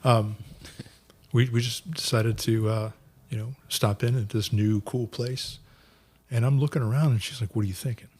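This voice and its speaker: A man's voice: medium pitch, fairly even intonation, a little slow, darkish tone. A man in casual podcast conversation, wry and blunt, dropping joking remarks.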